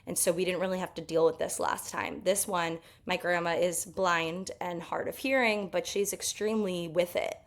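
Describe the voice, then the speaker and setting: A young woman recounting a personal story, open and emotional, leaning on fillers as she talks. Her voice sits a little low and carries a gravelly fry. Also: steady tone, normal speed, few pauses. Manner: candid, emotional, many fillers. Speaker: podcast host.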